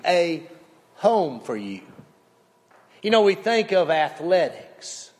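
A male pastor preaching a sermon, with slow, emphatic delivery that swings widely in pitch and volume. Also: very animated. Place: church sanctuary. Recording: long hall reverb.

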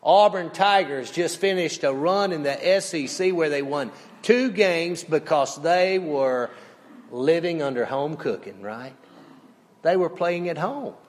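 Guy preaching real slow, kinda higher voice, big reverby church sound. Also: expressive. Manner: slow, emphatic preaching with sweeping pitch and volume. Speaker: pastor. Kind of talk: sermon. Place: church sanctuary. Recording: long hall reverb.

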